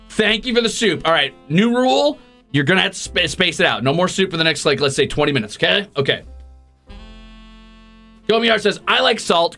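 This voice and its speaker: A male streamer with a bright, high voice that leaps around in pitch. He swears freely and teases his viewers in mock-grumpy banter while thanking them, and faint music plays under him. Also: creaky. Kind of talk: casual livestream chat, reading donations.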